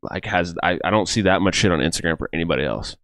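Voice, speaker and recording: A man's voice: deep voice, fast talker, fairly bright tone, dry recording, clean studio sound. A man co-hosting a casual podcast as they watch fights, talking in a rambling way full of "like" and restarts. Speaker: podcast co-host.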